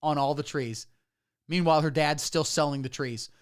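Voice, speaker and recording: A man's voice: fairly high pitch, normal speed, clean tone. A man rambling through a crude, absurd satirical story on a livestream, breaking off to read out chat comments. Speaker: comedian streamer.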